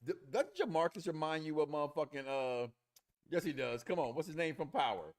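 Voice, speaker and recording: A man co-hosting a casual review show, loud and playful, crude jokes, acting out the characters as he recaps. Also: a little high, animated, fairly quick.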